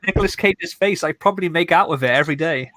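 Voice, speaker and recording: A man's voice: a little high, bright, forceful tone. A man co-hosting a livestream, chatting casually and rambling from one joke to the next. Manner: rambling, playful, quick to joke. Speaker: livestream co-host. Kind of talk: casual group chat on a livestream.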